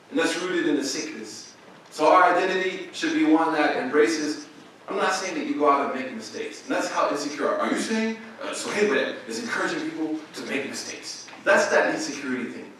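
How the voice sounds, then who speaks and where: A man's voice: on the high side, a bit bright, slight background noise. A man from Oklahoma, a guest imam, giving a casual, slangy storytelling lecture and acting out other people's lines. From Oklahoma, USA. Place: university lecture room. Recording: very echoey hall, mic far off.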